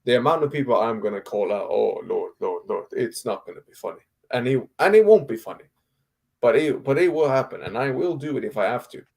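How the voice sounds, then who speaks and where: A man's voice: mid-range voice, expressive, fairly quick, vocal fry, darkish tone. A man co-hosting a casual football debate over an online call, blunt and exasperated, firing off rhetorical questions and swearing. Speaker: football podcast co-host.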